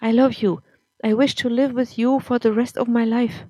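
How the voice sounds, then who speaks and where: A woman voicing a hurt young wife who speaks quietly and pleadingly in a story reading. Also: a little high, steady tone, moderate pace, no echo, dull audio, pitched above the performer's own voice, close to an everyday voice. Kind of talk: audiobook-style story reading.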